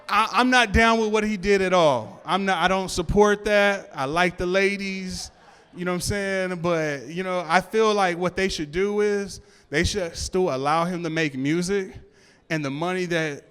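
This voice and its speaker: Pushed and bright, clear and resonant, this high-sitting male voice belongs to a stand-up comedian working a club stage with a set that mixes jokes and freestyle rap. He keeps it loose and conversational, dropping lots of "you know what I'm saying," with hall reverb and music in the recording.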